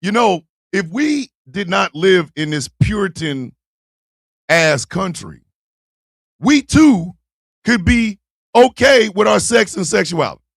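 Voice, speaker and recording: A man hosting a live stream, talking loud and profane and laughing often. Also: high voice, expressive, slow pace, vocal fry, no echo, studio quality.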